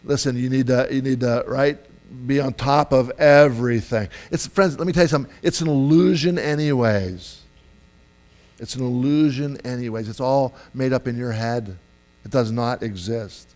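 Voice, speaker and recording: A man preaching a sermon in a lively, conversational way, acting out quoted voices with sudden loud bursts. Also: medium pitch, normal speed. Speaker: pastor.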